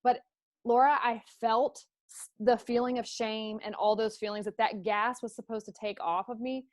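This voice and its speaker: A woman's voice: fairly high pitch, fairly even intonation, normal speed, darkish tone, dry recording, studio quality. A middle-aged woman hosting a conversational interview, telling a personal story in an open, emotional way. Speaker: host.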